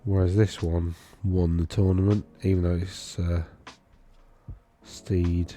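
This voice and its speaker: A wargaming video host speaks slowly in a low-pitched, dark voice with little pitch movement. In casual screen-share commentary he talks through tournament data on his screen, rambling and correcting himself as he thinks aloud.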